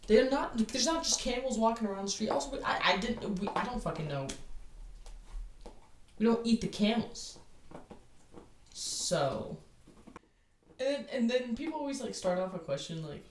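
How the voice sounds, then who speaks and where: A woman's voice: a little high, sing-song, moderate pace, pauses often, distant mic. A young woman telling stories in a casual, rambling way, full of "like" fillers and swearing, recorded in her living room. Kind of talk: casual storytelling. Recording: roomy, off-mic, faint noise.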